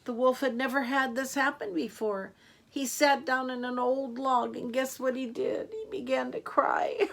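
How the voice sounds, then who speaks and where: A woman reading a storybook aloud to children, gentle and asking the listener questions. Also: high voice, moderate pace, gravelly.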